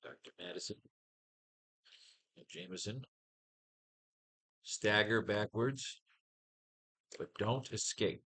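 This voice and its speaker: Man, comics writing teacher, lowish pitch, bright tone, casual, profane, mutters trial dialogue. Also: slow, long pauses. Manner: casual and profane, muttering script lines to himself. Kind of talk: casual live writing class, thinking aloud.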